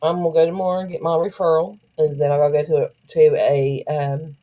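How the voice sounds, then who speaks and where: A woman's voice: low voice, flat delivery, fast talker, warm tone. A woman co-hosting a livestream, frank and joking. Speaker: co-host. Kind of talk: casual livestream chat.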